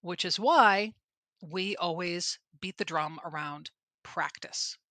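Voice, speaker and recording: A woman's voice: lowish voice, slow, sharp tone, dry recording. A middle-aged woman co-hosting a podcast about presenting, talking in a candid, emphatic, self-deprecating way. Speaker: podcast co-host and presentation trainer. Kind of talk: conversational podcast chat.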